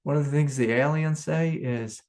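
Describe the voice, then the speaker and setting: A spiritual teacher gives a satsang talk in a fairly high male voice at normal speed. He laughs often and swings between impassioned outbursts and hushed prayer.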